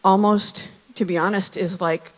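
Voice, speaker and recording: A woman in her thirties giving a personal testimony in church, earnest and reflective, with pauses and restarts. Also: mid-range voice, steady tone. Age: 30s. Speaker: church speaker sharing testimony. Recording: hall reverb.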